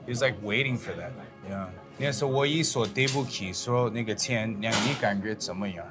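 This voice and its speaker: A man's voice: lowish voice, brisk. A man interviewing his father and translating each answer as it comes. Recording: loud background music.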